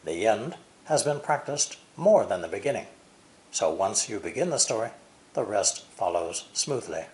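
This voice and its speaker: American male English teacher, low voice, lively melodic emphasis, deliberate delivery. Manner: slow, deliberate, exaggerated stress and intonation. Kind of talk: pronunciation lesson.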